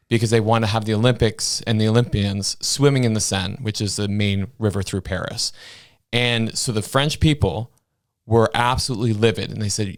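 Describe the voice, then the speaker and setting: A man from Canada's Maritime provinces co-hosting a political podcast, blunt and passionate, with crude jokes. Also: on the low side. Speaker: podcast co-host. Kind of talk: political commentary chat.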